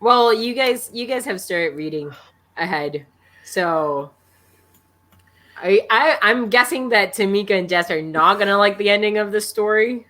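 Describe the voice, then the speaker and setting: A woman on a book podcast whose pitch swings animatedly. Her voice is bright and her comments playful. She keeps the tone light and conversational. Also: animated, unhurried. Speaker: book club podcast co-host. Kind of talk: casual book discussion.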